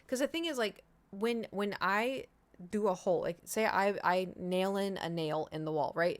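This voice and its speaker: A woman's voice: medium pitch, normal speed. A young woman streamer rambling through a casual story, full of "like" and "you know". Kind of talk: casual chat.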